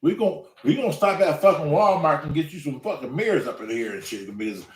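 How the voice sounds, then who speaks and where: A man's voice: on the high side, a little fast, distant mic. A man in his sixties telling a story casually, with heavy profanity. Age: 60s. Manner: profane, animated, drawling. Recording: roomy room, away from mic.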